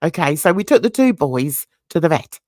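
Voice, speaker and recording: A woman's voice: low-pitched, big pitch swings, moderate pace, darkish tone, dry recording, studio quality. A middle-aged woman, hosting a casual livestream and telling a rambling story with frequent laughter. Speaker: YouTube channel host.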